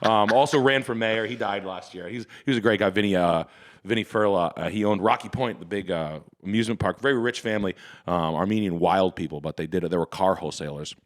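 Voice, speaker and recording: A man's voice: low-pitched, fast. A man telling rambling, profane stories as a guest on a casual podcast chat. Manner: rambling, profane storytelling with laughs. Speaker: guest comedian.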